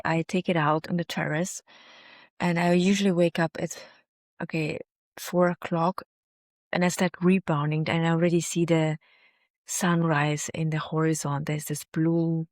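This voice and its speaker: A woman in her forties talks straight to the camera in a casual health vlog. Her voice sits a little low, and the sound is dry and close. She tells her story in an emphatic, earnest way, and her phrasing is slightly non-native. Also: flat delivery, unhurried, no room sound. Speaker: health video host.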